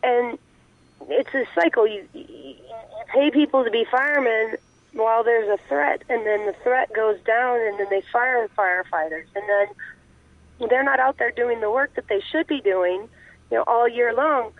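A woman's voice: on the high side, normal speed, no room sound. A woman guest talking earnestly over the phone, explaining her views in long, run-on thoughts. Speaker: guest on a call-in interview. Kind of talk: conversational explanation. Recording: tinny phone line.

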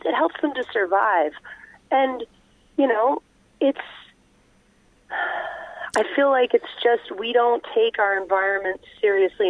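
A woman's voice: fairly high pitch, no echo. A woman guest talking earnestly over the phone, explaining her views in long, run-on thoughts. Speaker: guest on a call-in interview. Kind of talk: conversational explanation. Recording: tinny phone line.

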